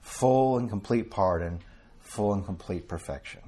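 A man gives an informal sermon to a small group, speaking conversationally and turning to listeners by name. His voice sits low and has a husky grain, and he reads scripture aloud in old-fashioned wording. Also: a little slow, warm tone. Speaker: preacher.

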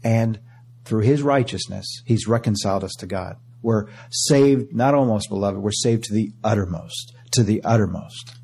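A man's voice: lowish voice, moderate pace, creaky, mellow, a little hiss or hum. A man preaching a sermon in an auditorium, reading scripture aloud with rising emphasis and calling his listeners beloved.

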